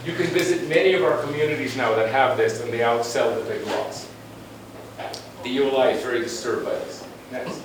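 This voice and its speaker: A man giving a slide presentation on town planning, talking bluntly and conversationally with frequent restarts. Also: a little high. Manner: emphatic and conversational, with blunt asides. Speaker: guest lecturer on urban planning. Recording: very echoey room, distant mic, faint noise.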